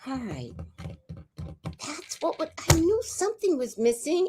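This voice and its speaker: A woman's voice: high-pitched, huge pitch swings, a little slow, darkish tone, slight background noise. A woman from New York City hosting a casual livestream chat, ranting sarcastically and breaking into laughter. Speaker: livestream host.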